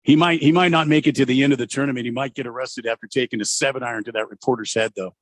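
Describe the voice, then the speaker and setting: A man's voice: medium pitch, fairly even intonation, racing, no echo. A man hosting sports talk radio, joking around and reading listener messages in a teasing, mocking way. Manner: mocking, mimics players in sarcastic voices.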